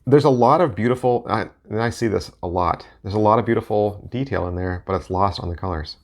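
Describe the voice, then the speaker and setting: A man with a low, gravelly voice chats loosely as he looks over playing cards. He thinks aloud, trails off and corrects himself as he goes. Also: brisk. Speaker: deck collector and reviewer. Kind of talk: casual talk while looking through playing cards.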